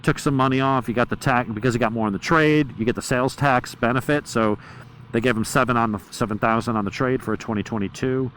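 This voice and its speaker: A man's voice: mid-range voice, fairly even intonation, fast, rough recording. A man, a motorcycle vlogger, chatting bluntly and profanely with rambling stories while riding outdoors on a helmet mic. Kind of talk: casual chat while riding. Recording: loud wind and road noise.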